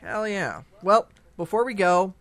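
Casting: fairly high-pitched man, relaxed podcast host, lots of "like" and cursing. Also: unhurried, no room sound. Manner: laid-back, filler-heavy, swears. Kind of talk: casual podcast chat.

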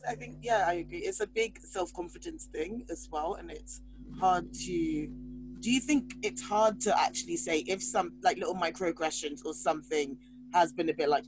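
A man interviewing guests, asking gentle, probing questions. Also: a little high, poor audio.

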